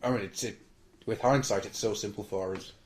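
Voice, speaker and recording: A man's voice: on the low side, fairly even intonation, a little fast. A man co-hosting a podcast in laid-back casual chat, steering things with questions. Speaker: podcast co-host.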